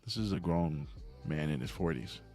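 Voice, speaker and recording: A man's voice: rumbling low, animated, normal speed, darkish tone, faint music behind. A man hosting a late-night livestream, telling a story to his viewers in a meandering way and getting worked up about right and wrong. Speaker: livestream host. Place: home at night.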